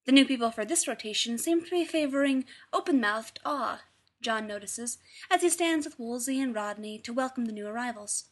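A woman with a fairly high voice narrates a story aloud in an expressive, read-aloud style. Her tone shifts freely as she moves between characters. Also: normal speed. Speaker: reader. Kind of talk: scripted narration of fan fiction.

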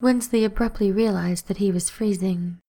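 A woman's voice: medium pitch, moderate pace, mellow. Woman narrating an audiobook.

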